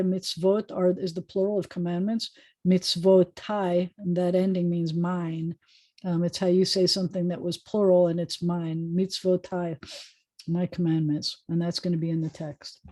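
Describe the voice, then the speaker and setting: A woman rabbi teaching an informal online Hebrew class over a video call, chatty and joking as she sounds out words slowly. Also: fairly low pitch, level tone, dark tone, no room sound.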